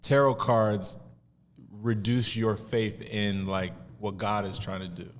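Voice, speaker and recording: A man hosting a podcast, telling a story in an animated, casual way and laughing often. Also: fairly low pitch, takes it slowly, in a large hall, slight background noise. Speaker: podcast host.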